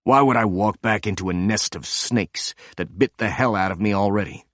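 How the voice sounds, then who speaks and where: A man's voice: fairly low pitch, moderate pace, fairly bright tone, no echo, studio quality, lightly acted. A man voicing a stubborn, weary former agent, blunt and brooding.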